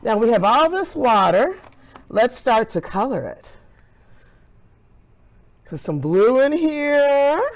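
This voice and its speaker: A woman's voice: on the high side, gravelly, a little mellow. A woman science teacher leading a hands-on classroom demonstration in an enthusiastic, encouraging way.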